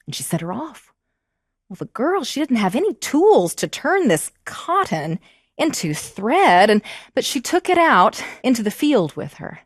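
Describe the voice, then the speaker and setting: Woman storyteller, animated and expressive, with a lively pitch and a close, dry sound. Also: a little slow, no room sound. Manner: animated, expressive, prompting the audience to join in. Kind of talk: live storytelling to children.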